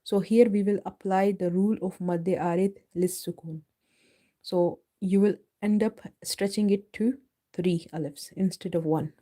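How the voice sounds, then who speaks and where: A woman teaching Quran recitation in a live online lesson, explaining patiently step by step and slowly drawing out each example word. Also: medium pitch, steady tone, warm tone.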